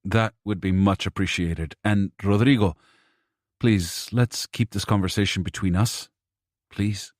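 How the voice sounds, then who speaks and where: A man reading a practical young husband who talks in a steady, matter-of-fact way. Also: lowish voice, a little slow, dry recording, clean studio sound, close to an everyday voice.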